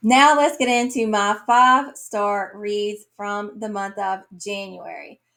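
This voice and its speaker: A woman reviewing books on her vlog, talking in a slow, earnest and emotional way, tearing up at times. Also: mid-range voice, fairly even intonation, vocal fry, pushed and bright. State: tearful. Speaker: book reviewer. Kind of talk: casual book review vlog.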